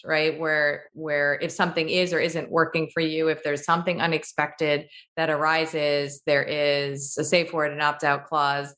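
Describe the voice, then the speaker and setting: Reflective woman hosting a podcast, low voice. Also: fairly bright tone. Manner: reflective, thinks aloud in measured phrases. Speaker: podcast host. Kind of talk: conversational podcast interview.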